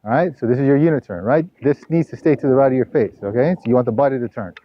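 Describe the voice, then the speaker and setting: A man's voice: medium pitch, fast talker. Man coaching tennis, dull lo-fi sound. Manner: directive, constantly checking in with "all right?" and "okay?"; teasing, joking with the student. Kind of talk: hands-on coaching session. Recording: dull, lo-fi camera audio.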